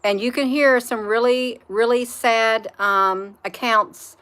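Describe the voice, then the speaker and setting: Earnest bright-voiced woman. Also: a little high, steady tone, slow. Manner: repetitive, earnest, reads chat comments aloud. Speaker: spiritual vlogger. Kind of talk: live-stream monologue.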